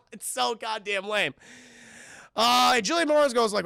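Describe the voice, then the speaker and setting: A young man talks through a film review for his chat, swearing and dropping into goofy voices for the characters. His voice sits high and bright with a gravelly edge of fry. It is recorded dry and close, with no room around it. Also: a little slow, long pauses, dry recording. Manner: animated, swearing, doing silly character voices.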